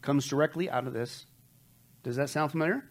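A man's voice: on the high side, brisk. A man teaching a Bible study in a conversational sermon style, emphatic and often asking his listeners rhetorical questions.

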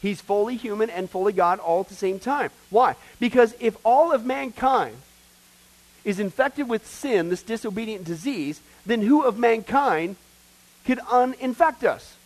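A man preaching a sermon, teaching from a study guide, and swinging between loud urgency and hushed, intense storytelling. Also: high-pitched, expressive, measured pace, poor audio.

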